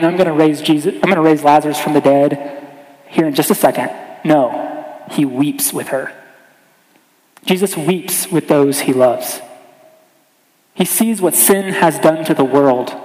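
Man, preacher, sermon, earnest, slightly high voice, reverberant hall. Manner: earnest, slows and softens on key lines. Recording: echoey hall with long reverb.

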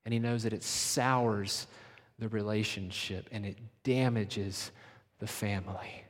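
A man preaching a sermon as pastor, pressing points hard, then dropping to hushed, slowed phrases. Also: fairly low pitch, fairly even intonation. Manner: emphatic, swinging from loud urging to hushed, slowed phrases. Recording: long hall reverb.

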